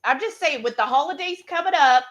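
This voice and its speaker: A woman's voice: high-pitched, lively intonation, a little fast, fairly bright tone, lo-fi sound. A woman, co-hosting a casual cooking livestream and chatting while reading viewer comments aloud. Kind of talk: casual live-stream chat.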